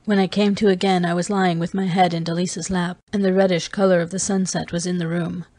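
A woman reading a novel aloud in first person, steady and even. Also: fairly low pitch, brisk, no room sound. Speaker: audiobook reader.

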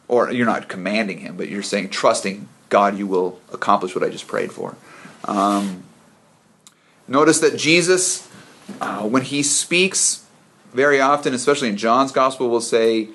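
A man's voice: medium pitch, animated, normal speed, a bit bright. Chatty man teaching a Bible study. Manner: chatty, stumbles over words and laughs at himself. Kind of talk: informal Bible study lesson. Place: church meeting room with a small group.

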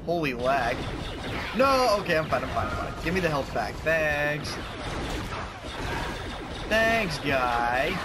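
A young man narrates his gameplay in a playful, goofy way, talking trash at enemies in a slightly high voice. A clear hiss of noise sits behind his voice. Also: sing-song, slow pace, long pauses. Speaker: gaming youtuber. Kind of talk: joking gameplay commentary.

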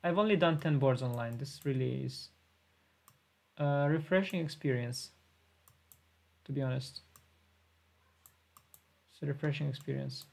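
A man's voice: mid-range voice, a little slow, gravelly, pauses often, darkish tone. A laid-back man thinking aloud as he plays an online chess simul on a live stream. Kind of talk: live-stream commentary while playing.

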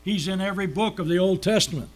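Man preaching, slow stressed words. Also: sits high. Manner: slows down to stress key words, asks and answers his own questions. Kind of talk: sermon.

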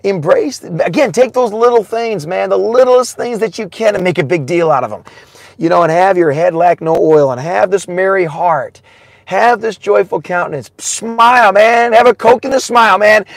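A man preaching a sermon in a casual, excitable way, often laughing, swinging between shouts and hushed asides and saying "man" a lot. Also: high voice, normal speed, creaky, no echo.

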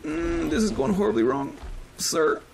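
Gravelly, excitable male gamer. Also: high-pitched, normal speed, background noise. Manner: excitable, chats to the creatures he tames. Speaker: gaming channel host. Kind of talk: casual let's-play commentary.

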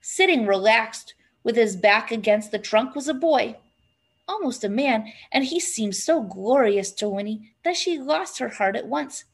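A woman narrating a storybook aloud in an expressive, lively storytelling manner. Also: on the high side, measured pace, gravelly, slightly rough. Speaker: reader.

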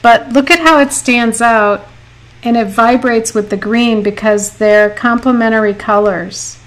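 A woman's voice: a little high, steady tone, unhurried, slight background noise, rough recording. A middle-aged woman teaching watercolor painting on a live stream, chatty, laughing often and reading viewer comments aloud. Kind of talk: live painting lesson with chat.

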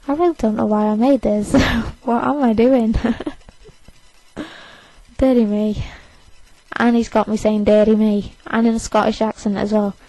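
A woman's voice: medium pitch, dark tone, no echo, low-quality recording. An eighteen-year-old woman, overtired, rambling defiantly and self-consciously in a casual to-camera rant. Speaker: vlogger.

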